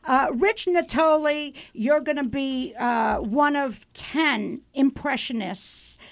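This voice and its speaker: High gravelly-voiced woman radio host. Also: slow pace, dry recording. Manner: chatty, teasing questions. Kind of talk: radio interview chat. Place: radio studio.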